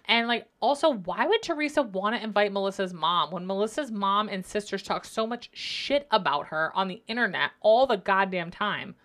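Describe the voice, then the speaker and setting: A woman's voice: medium pitch, expressive, moderate pace, few pauses, a bit bright. A woman hosting a solo podcast, chatting casually and opinionatedly, swearing freely. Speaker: podcast host.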